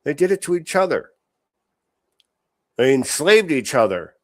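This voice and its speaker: A man's voice: fairly high pitch, very animated, a little slow, no room sound. Blunt, profane man ranting. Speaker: podcast host. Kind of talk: profane political commentary.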